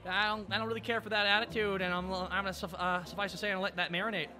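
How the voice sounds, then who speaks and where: A man's voice: sits high, very fast. A man chatting with his viewers on a live stream, joking and riffing on their comments. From Canada. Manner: animated, joking, riffs with chat. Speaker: VTuber streamer. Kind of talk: casual live-stream chat. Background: music.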